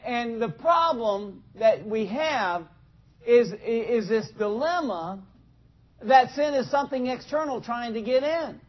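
High-voiced, slow-talking preacher man. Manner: asks the congregation questions, acts out little scenes. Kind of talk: conversational sermon. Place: church in front of a congregation. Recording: dull lo-fi sound.

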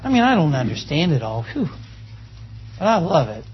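A man's voice: on the high side, sing-song, normal speed, lo-fi sound, slight background noise. A man preaching a sermon, folksy and joking, asking the congregation for amens. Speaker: pastor. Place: church.

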